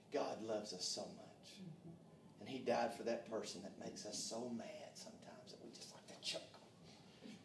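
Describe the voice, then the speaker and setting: A man preaching a sermon, fervent, calling out amen and dropping to hushed tones. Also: mid-range voice, background noise. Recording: echoey room, mic far off.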